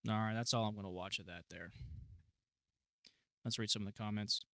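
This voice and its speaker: A man from the United States hosting a casual reaction video, excitable and profane, laughing often. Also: fairly low pitch, a little fast, no echo, studio quality. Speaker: reaction channel host.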